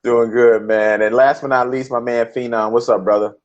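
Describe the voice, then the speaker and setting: A man co-hosting a podcast, opening the show with relaxed, friendly patter. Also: medium pitch, normal speed. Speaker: podcast co-host. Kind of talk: casual podcast chat. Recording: dull lo-fi recording.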